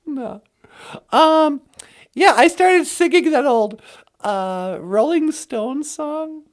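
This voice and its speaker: A woman's voice: sits high, animated, extremely slow. A woman co-hosting a casual vlog, teaching an Ojibwe phrase of the day in a playful, goofy way and laughing often.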